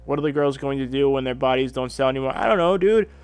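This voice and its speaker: A man's voice: medium pitch, quick pace, clear, resonant tone, no echo, faint music behind. A man hosting a drama commentary stream, reading a script, then ranting in a profane, repetitive and exasperated way.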